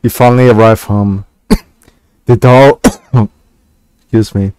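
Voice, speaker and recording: A man reading a text game aloud and stopping for hesitant, halting asides with fillers and restarts. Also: lowish voice, fairly even intonation, noisy background. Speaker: gaming channel host.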